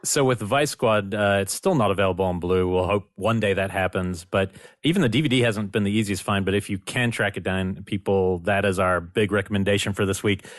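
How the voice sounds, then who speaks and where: Lowish voiced host guy, dry close mic, super into the conversation. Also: a little fast, few pauses, dry recording. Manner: enthusiastic, laughs along often. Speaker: podcast co-host. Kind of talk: casual interview chat.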